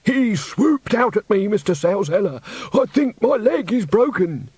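A man's voice: high-pitched, very animated, a little slow, darkish tone, slightly rough, no echo, voice pushed up, heavily acted. A man doing a whiny, wheedling stagehand. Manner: wheedling, milking his injury. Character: whiny malingering young male stagehand.

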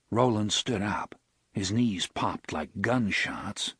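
A man narrating a novel in a measured, expressive storytelling manner. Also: lowish voice, slightly rough, dry recording. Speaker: audiobook narrator. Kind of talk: scripted narration.

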